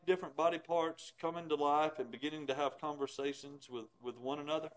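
A middle-aged man preaching with a high voice. He talks animatedly and emphatically, throwing rhetorical questions at his listeners in a conversational way. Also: steady tone, brisk, hardly any pauses, poor audio. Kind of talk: sermon.

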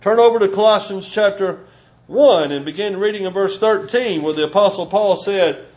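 A male preacher giving a sermon, teaching from scripture and slowing down to stress key phrases. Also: high voice, a little mellow, highs cut off. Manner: emphatic, slows down to stress scripture.

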